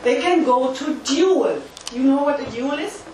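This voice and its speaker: High-voiced woman lecturing in an echoey hall. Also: animated, measured pace, darkish tone. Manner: emphatic, uses volunteer demonstrations. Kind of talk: interactive lecture. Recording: echoey hall from far off, faint noise.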